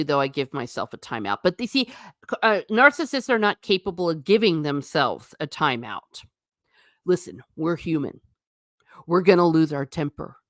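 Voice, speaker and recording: A woman's voice: medium pitch, fairly bright tone, dry recording, studio quality. A woman hosting a casual livestream, chatty and emphatic, reading viewer comments aloud and answering them. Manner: chatty and emphatic, repeating for effect. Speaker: livestream host.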